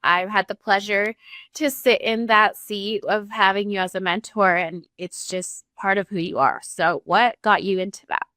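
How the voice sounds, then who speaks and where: A woman's voice: medium pitch, steady tone, normal speed, sharp tone, no room sound. A woman hosting a podcast interview, enthusiastic and affirming toward her guest. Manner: enthusiastic and affirming, laughs often. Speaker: podcast host.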